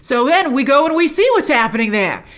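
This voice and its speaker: A woman hosting a show, recapping and reacting to a TV episode in casual chat, animated, slipping into quoted character voices. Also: high voice, brisk. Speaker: host reviewing a TV episode.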